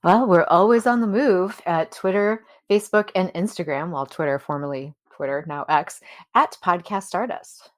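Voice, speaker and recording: A woman co-hosting a podcast with a somewhat low voice, chatting cheerfully and gushing with delight. She speaks into a close, dry mic that picks up no room sound. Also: moderate pace, no room sound. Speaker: podcast co-host. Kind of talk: casual chat.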